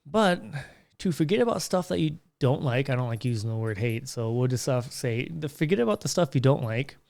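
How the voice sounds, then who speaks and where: Young male podcast host, gravelly voice, casual rambling monologue with restarts, small curtained room. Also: mid-range voice, expressive, brisk, darkish tone. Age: young adult. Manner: rambling storyteller with frequent restarts.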